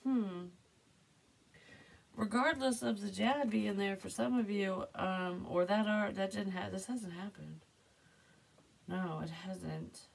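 A woman's voice: mid-range voice, steady tone, slow pace, vocal fry, pauses often, breathy edge, distant mic. A woman giving a casual, hesitant psychic tarot reading, rambling and sometimes dropping to a near whisper.

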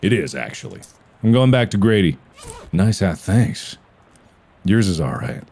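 A man's voice: low-pitched, big pitch swings, unhurried, vocal fry, darkish tone, slightly rough. A man hosting a let's-play video, reading game text aloud with playful quips. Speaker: gaming video host. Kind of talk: casual let's-play commentary.

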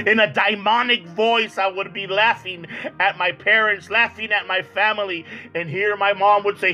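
A man evangelist tells his testimony in an earnest, halting way, stumbling over and repeating words. His voice sits high for a man and rings bright and sharp. Soft music plays faintly underneath. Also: steady tone, muffled recording. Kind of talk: personal testimony. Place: church.

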